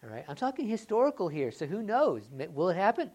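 Low-voiced woman preaching a lively sermon. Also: quick pace, husky. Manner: swings from loud excited rhetorical questions to quiet earnest talk. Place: church.

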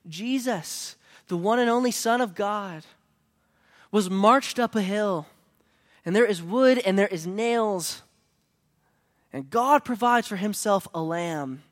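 A man preaching a sermon as a pastor, telling a story that swings between hushed lines and emphatic ones. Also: high voice, slow, long pauses.

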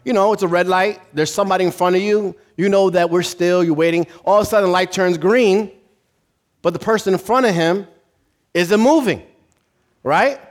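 Male pastor, higher-pitched, animated sermon delivery with acted-out story voices. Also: normal speed. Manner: animated, acts out voices in a story, laughs at own jokes.

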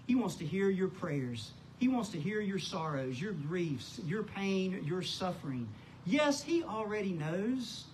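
A man's voice: fairly high pitch, slight background noise, low-quality recording. A man preaching a sermon as pastor, building up to big emphatic lines on key words. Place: church.

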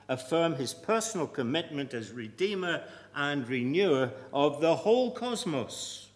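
A man preaching a sermon, deliberate and emphatic, with measured pauses. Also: on the high side, sing-song. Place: church. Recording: long reverb of a church hall.

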